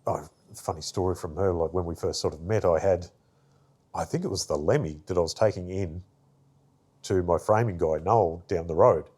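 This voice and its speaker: Speaking at a normal pace, this man has a deep voice that's a little mellow and slightly rough. He's an artist and arts worker on as a guest, rambling through casual stories with many fillers and acting out quoted voices.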